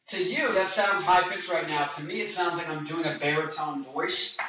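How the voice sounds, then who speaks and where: Young man vlogging, high-pitched, bright, rambling chatty talk, echoey room, mic some way off, faint music behind. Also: moderate pace, distant mic, a little hiss or hum. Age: 20s. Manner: rambling, self-interrupting, joking. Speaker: singer and guitarist vlogger. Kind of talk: casual chat to camera.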